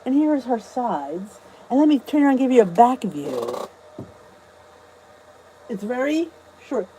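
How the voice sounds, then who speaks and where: Chatty american lady on a home livestream, kinda high voice that bounces all over, faint hiss in the background. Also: very animated, a little slow, dark tone, poor audio. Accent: US English. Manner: chatty, bubbly greetings, frequent laughs. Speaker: YouTube livestream host. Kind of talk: casual live chat reading comments. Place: indoors at home. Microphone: phone or camera on a stand.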